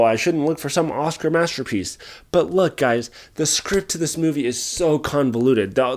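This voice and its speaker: A young man with a somewhat high-pitched voice delivers a casual spoken movie review. He sounds exasperated, rambling, doubling back on himself, and he curses freely as he complains. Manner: exasperated, frequently swearing; animated, rambling with restarts.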